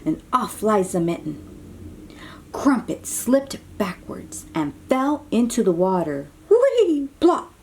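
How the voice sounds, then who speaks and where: A woman reads a storybook aloud for small children, taking her time over each line. Her voice swoops up and down with lively, exclamatory expression, and she keeps breaking off to chat warmly with her young listeners. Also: mid-range voice, slow pace, a little hiss or hum. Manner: animated, exclamatory, chatty asides to young listeners. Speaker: children's book reader.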